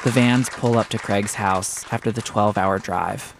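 A man narrating a documentary story in a measured, descriptive way. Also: on the low side, steady tone, gravelly, over a noisy crowd. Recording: loud noise under the voice.

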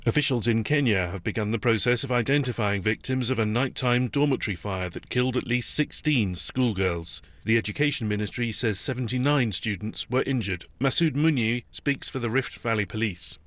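A man reads the news in a measured, formal cadence. His voice sits at an ordinary middle pitch. The studio sound is dry, with no room around it. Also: a bit bright, no echo. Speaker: newsreader. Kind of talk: radio news bulletin. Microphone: studio microphone.

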